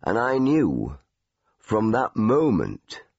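A man's voice: fairly low pitch, wildly swooping pitch, slow, gravelly, a little mellow, breathy edge, no echo, full character voice. A man voicing a blunt, teasing old northern grandfather in an audiobook, dry and matter-of-fact. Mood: proud. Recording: dull, dry studio recording.

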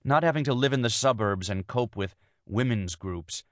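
Raising his medium-pitched voice above its natural register, a man narrating an audiobook gives a lightly acted, expressive reading of a tense young wife and mother who pleads her case with earnest insistence. He speaks at a normal speed, and the recording is clean studio sound with no room ambience.

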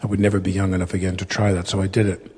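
A man in his fifties with a raspy voice, talking candidly and rambling a little as a guest in a studio interview. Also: low-pitched, completely flat delivery, rapid-fire, darkish tone. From United States. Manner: rambling, many fillers and self-corrections. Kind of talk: candid conversational storytelling.

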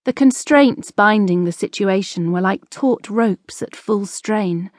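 A woman narrating a historical novel audiobook in a measured, expressive storytelling manner. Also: medium pitch, no room sound, studio quality.

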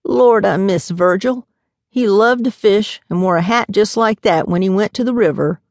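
A woman's voice: medium pitch, moderate pace, a little mellow, no room sound, clean studio sound, close to an everyday voice. A woman voicing a feisty grandmother in her seventies, sassy and doting. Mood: wistful. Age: 70s. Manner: sassy, doting, guilt-tripping. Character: feisty 73-year-old Southern grandmother.

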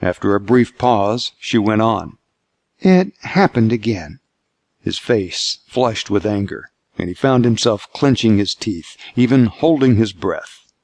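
Male audiobook narrator, steady scripted reading, low gravelly voice, dry sound. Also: measured pace, no echo.

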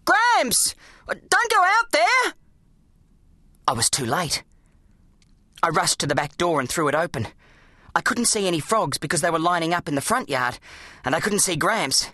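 Storyteller for a kids' audiobook, very lively pitch, bright voice, dramatic delivery. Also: fairly quick, dry recording, studio quality. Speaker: audiobook narrator. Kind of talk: scripted narration of a children's book.

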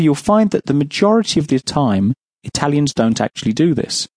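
A man's voice: mid-range voice, a little mellow, no room sound. An English man teaching a language lesson on an audiobook, patiently explaining and then asking the listener to answer. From England.

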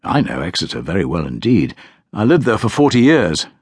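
A man voicing a lean old retired country solicitor who talks quietly and with firm assurance. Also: on the low side, very animated, brisk, breathy edge, no echo, clean studio sound. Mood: reminiscent.

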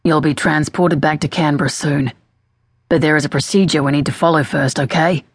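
A woman's voice: low-pitched, fairly even intonation, fairly quick, slightly rough, dry recording. A woman voicing a brutish male police detective who talks in a soothing, patronizing way.

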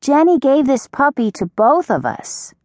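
A sweet young cowgirl from a storybook, as a woman narrator puts her on, her voice lifted high and girlish. She sounds kind and eager, with a lively sing-song lilt. The recording is close and dry. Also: unhurried, dry recording, full character voice. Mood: cheerful. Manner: bright, raised girlish voice.

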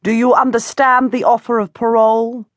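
A woman's voice: fairly high pitch, little pitch movement, moderate pace, no echo, studio quality, voice pushed up, close to an everyday voice. A woman plays an elderly aristocratic aunt, commanding and decisive, audiobook read. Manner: firm, authoritative. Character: elderly noble great-aunt, commanding and kindly. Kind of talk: audiobook character voice.

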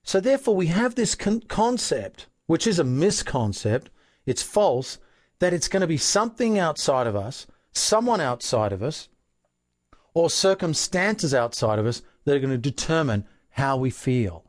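A man's voice: fairly high pitch, very animated, normal speed, no echo, clean studio sound. A man with an Australian accent explaining emotions in an earnest self-help talk, often posing rhetorical questions. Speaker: self-help author and relationship coach.

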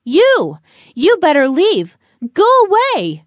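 A gruff blind dog from a children's story, quick to growl but quick to say sorry, as a woman voices him. He talks slowly and loudly, with a high, expressive voice. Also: dry recording.

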